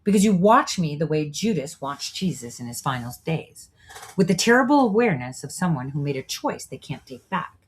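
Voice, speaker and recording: A woman's voice: sits low, slightly rough. A woman hosting a show, delivering a preachy, profane monologue full of rhetorical asides. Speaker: show host. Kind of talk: monologue commentary.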